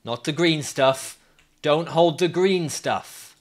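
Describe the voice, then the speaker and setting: A young man streaming a climbing game, ranting and swinging between mock calm and yelling at his character. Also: fairly high pitch, takes it slowly. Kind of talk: gaming stream commentary.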